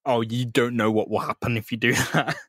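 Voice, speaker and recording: A man's voice: medium pitch, steady tone, a little fast, a bit bright, breathy edge, dry recording, clean studio sound. A man, a podcast co-host retelling a comic in casual, sweary banter and acting out the characters' lines. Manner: loose, sweary storytelling that acts out characters' lines. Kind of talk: casual comic chat recapping a comic.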